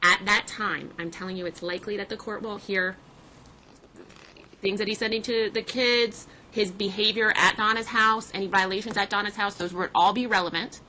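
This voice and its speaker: A woman's voice: mid-range voice, steady tone, moderate pace, sharp tone, slight background noise, rough recording. A woman serving as a family court judge in a courtroom, firmly explaining her rulings and procedure to counsel.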